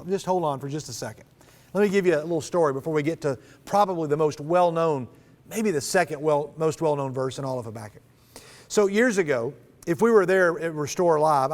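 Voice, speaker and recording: A man giving a sermon to students, animated and dramatic when he reads scripture aloud. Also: fairly high pitch. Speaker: speaker at a student event. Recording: long reverb of a large hall.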